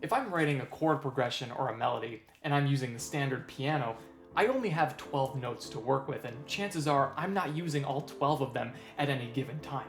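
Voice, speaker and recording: A man's voice: medium pitch, brisk. A man hosting a casual music theory tutorial, playful, counting beats and half-singing his examples. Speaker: music channel host. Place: room with a piano. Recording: roomy echo, faint instrument music.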